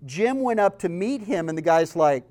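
A man with a Southern accent giving a sermon-style teaching talk, telling stories earnestly and swinging between loud emphasis and soft, quiet lines. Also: sits high, expressive, normal speed. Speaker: speaker.

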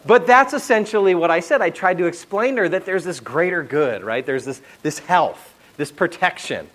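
A middle-aged male pastor preaches in a slightly high voice. He tells stories in an animated way and often checks in with the congregation. His delivery is lively and conversational. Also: normal speed, rough recording. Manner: animated storytelling with asides to the audience. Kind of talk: sermon.

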